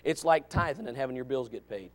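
A man preaching a sermon as associate pastor, folksy and joking, swinging from quiet asides to loud shouted exhortation. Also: mid-range voice, animated, fast. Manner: folksy, joking, with sudden dramatic emphasis.

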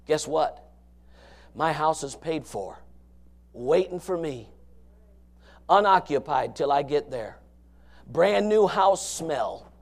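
A man preaching a fiery sermon, swinging from low murmurs to shouted passages in a folksy, emphatic way. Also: animated, slow, pauses often. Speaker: pastor.

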